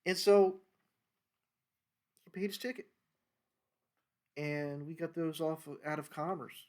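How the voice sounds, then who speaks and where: An older man with an American accent tells rambling stories from his days as a wildlife agent. He slips into the voices of the people in each scene. His voice sits slightly higher than most men's. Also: unhurried, a little mellow, clear, resonant tone. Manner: rambling, acts out dialogue in quoted voices. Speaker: former federal wildlife agent telling stories. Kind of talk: casual storytelling monologue.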